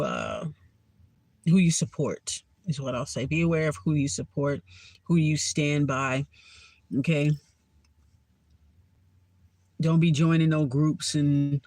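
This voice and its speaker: A woman's voice: deep voice, a little mellow, no room sound. A woman tarot reader telling a story in a casual vlog, talking bluntly, sarcastically and with plenty of swearing.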